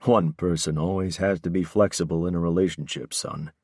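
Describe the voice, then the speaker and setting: Man doing a wry fatherly older guy, very low voice, dry close sound, teasing, storybook reading. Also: fairly even intonation, a little fast, a little mellow, breathy edge, dry recording.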